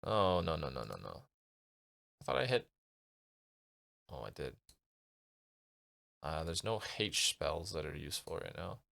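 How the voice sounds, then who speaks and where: Male streamer, casual gamebook reading, lively pitch, mumbled asides. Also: measured pace, gravelly, long pauses. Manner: reads aloud, muttering asides to himself. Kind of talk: casual narration while playing a gamebook.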